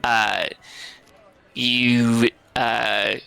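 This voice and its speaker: Gravelly, slow-talking male game master. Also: mid-range voice, level tone, bright, forceful tone, no room sound, poor audio. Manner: halting, full of fillers. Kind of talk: narrating a tabletop game.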